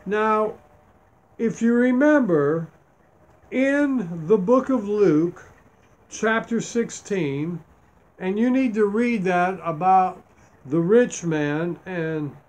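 Man, preacher, high voice, slow deliberate delivery, reads scripture and stresses key points. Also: animated, a little mellow. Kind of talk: Bible teaching sermon.

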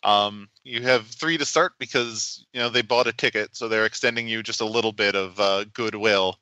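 A man's voice: lowish voice, steady tone, moderate pace, bright, forceful tone, clean tone, no echo, rough recording. A man, a game designer, explaining his tabletop game in a podcast interview, thoughtful and full of restarts.

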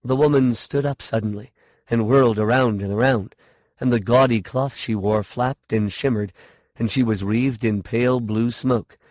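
A man narrating a fantasy short story in a slow, measured reading. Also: mid-range voice, steady tone, darkish tone, dry recording, studio quality.

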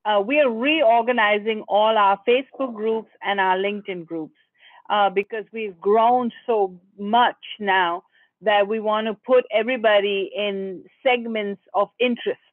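A host runs through group announcements in a businesslike way, pausing on fillers. The voice comes over a video call and sounds dry and narrow, like a phone line. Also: mid-range voice, steady tone, no echo.

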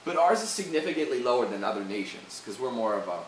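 A man's voice: mid-range voice, very animated, fast. A young Canadian man venting in a heated, profane rant for his video channel, with frequent restarts. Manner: swearing, heated, repetitive restarts. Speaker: vlogger. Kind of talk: angry rant vlog. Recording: echoey room, far from mic, faint hiss.

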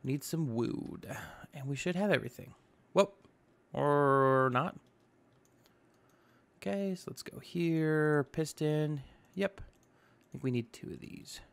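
With a slightly high, gravelly voice that is clear and resonant, this man takes a slow pace and leaves long pauses. He's a gaming YouTuber doing casual let's-play commentary, chatting about his own gameplay, thinking aloud, and adding exclamations.

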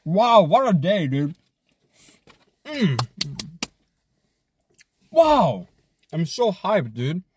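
A man streaming himself eating fast food, joking around, swearing often, and humming between bites. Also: high-pitched, huge pitch swings, noisy background. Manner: hyped, joking, swears a lot, chews and hums between bites.

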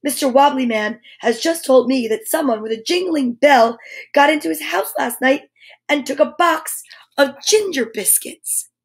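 A woman's voice: sits high, animated, measured pace. Woman doing a stern toy policeman. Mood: officious. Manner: stern, officious. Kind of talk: children's storybook read-aloud.

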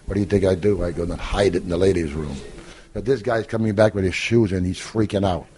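Older man telling animated stories. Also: low-pitched, fast talker, husky. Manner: animated, acts out quoted voices, laughs often. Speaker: podcast guest. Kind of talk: anecdotal storytelling.

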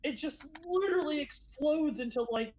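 A woman running a tabletop game as game master, narrating the action in a relaxed, descriptive way. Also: sits high, moderate pace, slight background noise, rough recording.

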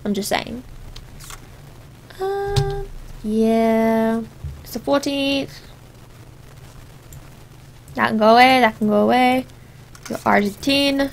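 High-voiced chatty young woman gamer. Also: unhurried, creaky, pauses often. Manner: chatty, rambling, jokey. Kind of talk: let's play commentary.

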